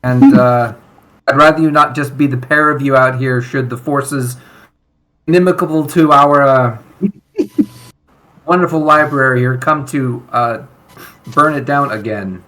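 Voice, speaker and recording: A man playing a small male high priest who floats on a book and speaks in a formal, wordy way. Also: a little slow, long pauses, bright, forceful tone. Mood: polite. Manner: formal and wordy, fond of fancy words.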